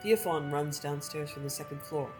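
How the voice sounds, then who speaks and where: A woman with a low voice reads a story from a game aloud in a measured, expressive way. Faint game music plays softly underneath. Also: poor audio. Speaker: gameplay streamer.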